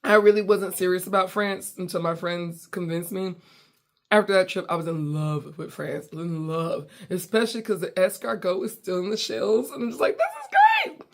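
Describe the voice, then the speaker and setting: Gravelly-voiced animated woman storyteller. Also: on the low side, moderate pace. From United States. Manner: animated, playful, acts out dialogue. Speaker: comedian and podcast host. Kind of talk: casual comic storytelling.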